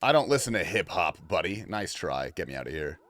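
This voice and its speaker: Animated, foul-mouthed male gaming streamer. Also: sits low, fairly quick. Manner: loose and profane, reacting to gameplay and chat; shifts between mumbling asides and excited outbursts. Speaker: livestreamer. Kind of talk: casual gaming livestream chat.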